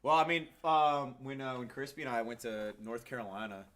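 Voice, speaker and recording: A man's voice: mid-range voice, brisk, a bit bright. A man from Washington State hosting a casual podcast, rambling through crude stories with lots of fillers and swearing. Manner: crude, rambling storyteller, many fillers and cursing. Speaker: podcast host. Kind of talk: casual banter among friends.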